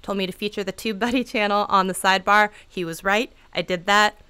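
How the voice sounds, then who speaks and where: A woman's voice: medium pitch, steady tone, brisk, pushed and bright, smooth. A woman chatting casually on a livestream, giving channel advice in a bubbly, talkative way and laughing often. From Seattle area.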